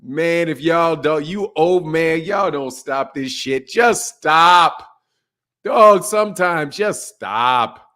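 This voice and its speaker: Male livestream host, fairly high voice, loose profane banter, laughs often. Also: lively intonation, takes it slowly. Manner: loose, laughing banter, shouting out chat names; slangy, profane, mocking. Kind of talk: casual livestream chat.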